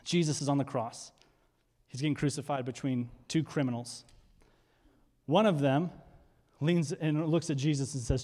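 A male pastor preaches with a fired-up, energetic delivery and a fairly high voice. He hurries through asides and slows down for emphasis. A long reverb trails behind him, as if he is speaking in a big church hall. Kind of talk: sermon.

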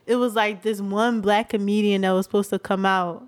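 A woman's voice: medium pitch, fairly even intonation, brisk. A woman with a Philadelphia accent chatting casually, retelling a show scene and laughing along. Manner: storytelling, laughing. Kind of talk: casual chat.

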